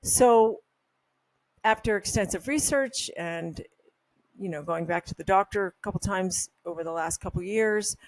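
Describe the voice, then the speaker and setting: Woman host, casual health vlog, candid, opinionated rambler, mid pitch, dry close sound. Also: unhurried, no room sound. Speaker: health supplement brand host. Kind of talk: casual talking-head monologue.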